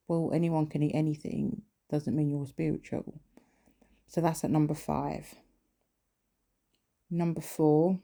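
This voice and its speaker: Vlogger with a warm, low tone. Exasperated and sarcastic, talking casually. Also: level tone, unhurried. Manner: mimics others in quoted asides. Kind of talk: casual countdown rant.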